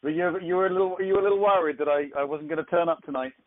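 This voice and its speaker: English man, conference-call host, chatty, rambling, fairly high pitch, phone-line audio. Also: very fast. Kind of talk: casual motivational talk.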